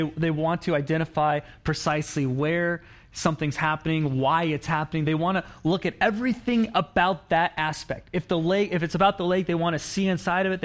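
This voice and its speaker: A man preaching in a church in a chatty, storytelling way. His voice sits a little on the high side, and he slips into quoted lines to act out the people in his story. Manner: conversational preaching, acts out quoted lines, frequent restarts. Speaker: pastor. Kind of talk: sermon.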